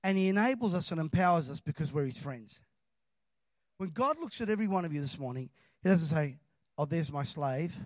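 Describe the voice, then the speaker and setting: A man preaching a sermon in a church, impassioned and rising to loud emphatic calls. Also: fairly high pitch, very animated, fairly quick, no echo, clean studio sound.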